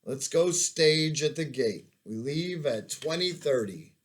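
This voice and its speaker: A man reading aloud and voicing a loud, commanding army sergeant major with a German accent. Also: animated. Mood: ordering. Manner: booming, rallying, drawn-out.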